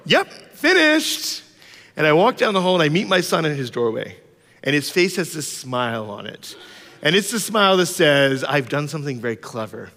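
A male pastor delivers a sermon in a loose, joking storytelling style full of fillers. His voice sits fairly high for a man. A long reverb from a large hall trails each phrase. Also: fairly bright tone. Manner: humorous, informal storytelling with many fillers.

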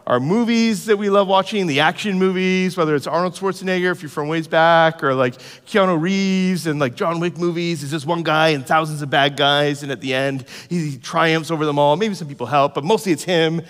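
A man giving a sermon, telling a self-deprecating personal story in a relaxed, conversational way. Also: on the high side, moderate pace, hardly any pauses, clean tone, in a large hall. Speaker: pastor.

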